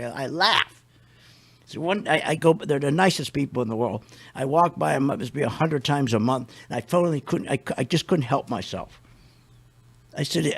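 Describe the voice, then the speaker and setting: A man's voice: a little high, animated, normal speed, creaky. An older man hosting a radio show, ranting in a blunt, indignant, rambling way.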